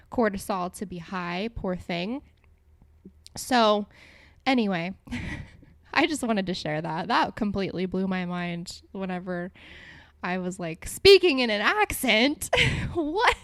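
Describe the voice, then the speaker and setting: A woman's voice: medium pitch, no echo. A young adult woman hosting a solo podcast, talking casually and rambling, with lots of fillers and self-corrections. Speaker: podcast host.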